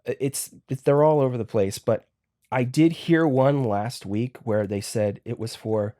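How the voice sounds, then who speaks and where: A man's voice: mid-range voice, warm tone, no echo, clean studio sound. A man, a podcast guest, telling stories casually, stopping and restarting often. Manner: halting, full of restarts and fillers. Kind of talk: casual storytelling.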